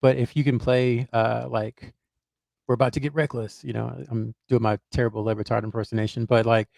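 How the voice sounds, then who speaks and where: A man's voice: medium pitch, little pitch movement, a little fast, creaky, darkish tone, dry recording, clean studio sound. A man on a podcast, a basketball reporter who hedges and thinks aloud with lots of fillers and restarts. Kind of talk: casual podcast chat.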